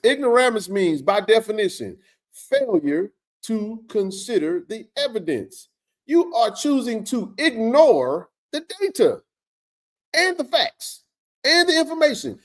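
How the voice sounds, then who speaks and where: Male stream host, high and lively voice, fiery preachy rant. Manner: fiery, preachy, colloquial, repeats himself for emphasis. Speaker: host of a college football show. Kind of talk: animated livestream rant.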